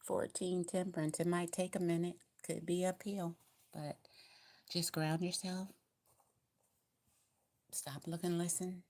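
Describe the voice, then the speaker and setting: Low-voiced Southern woman reading tarot. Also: level tone, a little slow, pauses often, darkish tone. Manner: chatty, repetitive, encouraging, with colloquial grammar. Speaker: tarot reader. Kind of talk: casual tarot card reading.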